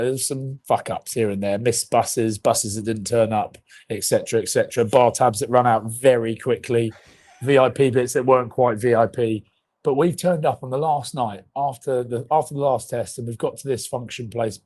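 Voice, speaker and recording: A man's voice: medium pitch, a little mellow, slightly rough. A man in his thirties, a podcast co-host, telling rambling comic stories in casual chat and swearing freely.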